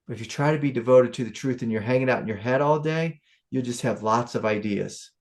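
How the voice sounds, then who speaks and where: A man, a spiritual teacher, giving a casual satsang talk to a student, telling stories in a loose, animated way. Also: mid-range voice, brisk.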